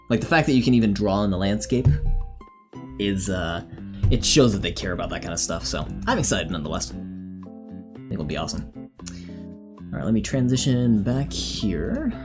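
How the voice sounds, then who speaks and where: A man chatting casually on a live stream, answering viewers in a rambling, easygoing way with plenty of fillers. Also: lowish voice.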